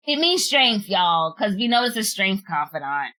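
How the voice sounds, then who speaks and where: A woman's voice: medium pitch, big pitch swings, normal speed, hardly any pauses, bright, forceful tone. A woman streamer, chatting casually and laughing at herself while trying out French words. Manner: giggly, self-deprecating, drawls out French words. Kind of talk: casual chat while unboxing.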